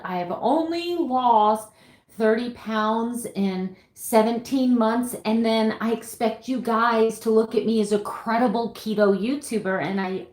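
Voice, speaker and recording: A middle-aged woman talks on a live vlog, candid and emotional, sighing between thoughts and warmly greeting viewers by name. Her voice sits at an ordinary middle pitch. The room around her gives a roomy echo. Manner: emotional, earnest and openly candid; frequent sighs and fillers, warm greetings to viewers. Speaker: vlogger. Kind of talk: livestream chat, reading viewer messages.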